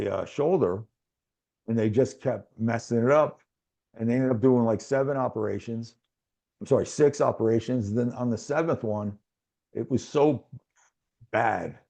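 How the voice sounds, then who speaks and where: A man's voice: mid-range voice, creaky. A middle-aged man, a guest telling a long personal story in casual chat and acting out what others said. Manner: animated, acts out other people's lines, chuckles often.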